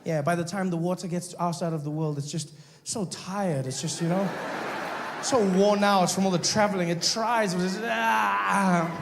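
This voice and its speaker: A man's voice: sits high, moderate pace, noisy background. South African man telling stand-up stories. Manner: animated, mocking, switches into voices. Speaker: stand-up comedian. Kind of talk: stand-up storytelling.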